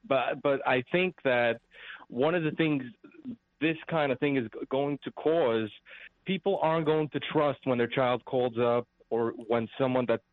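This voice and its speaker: A man's voice: mid-range voice, measured pace, no room sound. A man calling in to a radio talk show, earnest and rambling, often restarting his sentences. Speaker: caller. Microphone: phone line. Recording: tinny phone line.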